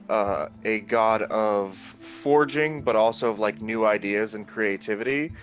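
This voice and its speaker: Player, man, low and slow, steady explainer with faint music behind. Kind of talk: describing a tabletop character.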